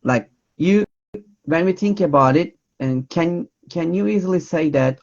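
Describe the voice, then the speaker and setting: A man's voice: fairly high pitch, a little slow, vocal fry, darkish tone, highs cut off. A man hosting an interview, rambling as he rephrases his question several times. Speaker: interview host.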